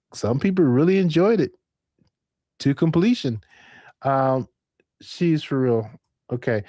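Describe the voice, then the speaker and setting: A man hosting a late-night live stream, rambling, laughing and thinking out loud. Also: on the high side, no room sound, clean studio sound.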